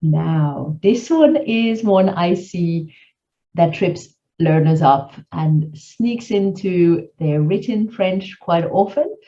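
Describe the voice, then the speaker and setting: A woman teaching a grammar lesson, explaining clearly and mixing in French example phrases. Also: on the low side, animated, slow pace, dark tone, dull audio.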